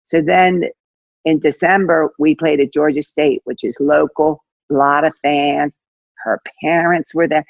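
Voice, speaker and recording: Older woman, college coach, lively storyteller, dry and slightly muffled recording. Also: low-pitched, a little slow, vocal fry, no echo. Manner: animated, acts out quoted dialogue, many fillers. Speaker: head basketball coach, guest. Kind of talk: casual interview storytelling.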